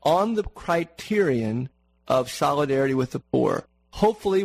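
A man's voice: mid-range voice, gravelly, darkish tone, no echo, rough recording. A man preaching a sermon in an earnest manner, repeating words for emphasis and asking the congregation questions.

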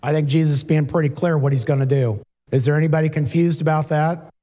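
A man with a higher-pitched, mellow voice talks fast with fairly even intonation. He preaches a sermon conversationally, reading scripture aloud and breaking in with asides, and the recording carries a long hall reverb.

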